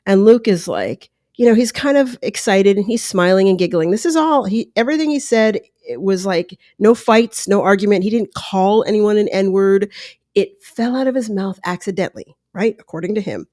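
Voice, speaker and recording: A woman hosts her own podcast in a loose, chatty way. She speaks right to her listeners and acts out quotes as she goes. Her voice sits at a middle pitch, recorded close and dry with no room sound. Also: animated, normal speed, warm tone, dry recording. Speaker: podcast host, former reality show houseguest. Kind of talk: casual commentary.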